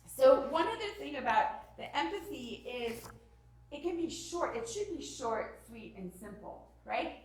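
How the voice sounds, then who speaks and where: A woman with a somewhat high voice runs a lively parenting workshop, acting out little scenes between parents and children and sometimes sinking into a whisper. She sounds far from the mic, and the hall around her rings with heavy echo. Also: a little slow. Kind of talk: lively parenting talk to a live group.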